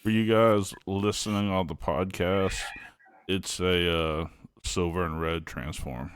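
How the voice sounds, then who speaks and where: A man's voice: low voice, steady tone, slow pace, clean tone. A man co-hosting a podcast, adding brief interjections.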